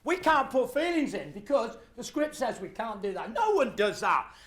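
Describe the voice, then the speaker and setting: A middle-aged man, giving a live motivational talk and telling stories with acted-out voices and shouts. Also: very high voice, very animated, normal speed. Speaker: motivational speaker.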